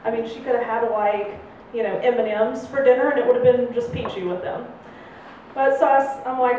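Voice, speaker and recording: A young adult woman telling a funny personal story on stage at a live storytelling night, animated and laughing often, jumping her voice up high to act out the people in it. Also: brisk. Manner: animated, acts out voices with big pitch jumps, laughs often. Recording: roomy live venue, heard from a distance, faint room noise.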